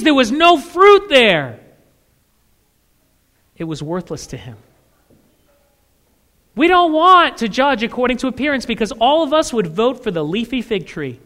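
High, bright-voiced male preacher in a big hall. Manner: animated preaching, voice leaping high and loud to act out voices of churchgoers. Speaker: pastor. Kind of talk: sermon. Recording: echoey hall with long reverb.

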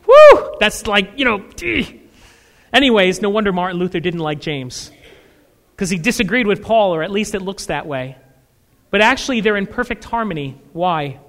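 A male pastor preaching a sermon with lively delivery, his voice jumping high and loud when he acts out the voices of churchgoers. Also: normal speed. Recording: echoey hall with long reverb.

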